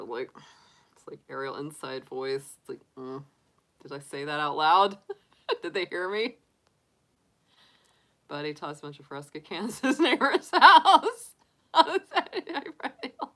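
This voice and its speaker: A middle-aged woman runs a tarot livestream, chatting casually with her viewers in a deep voice that sounds pushed and bright. She laughs a lot, and her talk is full of "like" and false starts.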